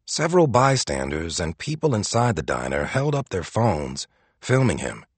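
Deep, husky-voiced male audiobook narrator. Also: big pitch swings, normal speed, no room sound.

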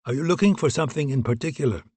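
A man's voice: medium pitch, very fast, a little mellow, husky, no room sound, voice pushed up, natural voice. A man voicing a weary older male spy chief who answers in wry, tired, exasperated remarks.

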